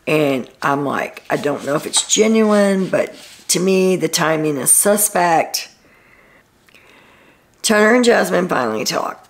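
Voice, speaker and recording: Gravelly-voiced woman recapping reality TV. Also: on the low side, lively intonation, measured pace. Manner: chatty storytelling, frequent "he's like" quotes. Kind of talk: casual recap commentary.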